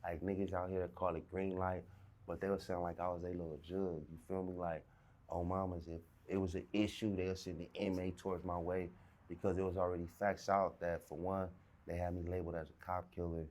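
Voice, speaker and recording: A man from South Central Los tells a story in a fairly low voice. He talks with swagger and heavy profanity, and he acts out both sides of each argument. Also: little pitch movement, brisk, a little mellow. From South Central Los Angeles. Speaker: interviewee. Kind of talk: recounting a street story.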